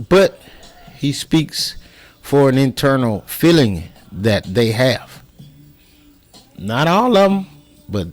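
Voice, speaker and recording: A man's voice: mid-range voice, darkish tone. A man giving impassioned personal commentary, heated and profane, with many restarts and repeated words.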